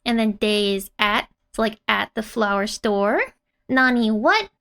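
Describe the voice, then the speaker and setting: A woman's voice: medium pitch, steady tone, unhurried, gravelly, fairly bright tone. A woman teaching a casual language lesson in a chatty way, often laughing and saying "like". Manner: chatty and giggly, with filler "like". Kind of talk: casual lesson explaining manga dialogue.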